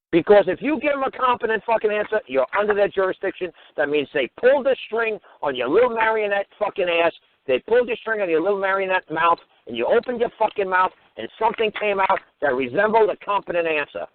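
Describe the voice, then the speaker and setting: A man's voice: high voice, lively intonation, fast talker, a little hiss or hum. A man hosting a radio talk show, ranting with crude, mocking, swear-filled talk. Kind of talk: profane ranting monologue. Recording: tinny phone-line radio audio.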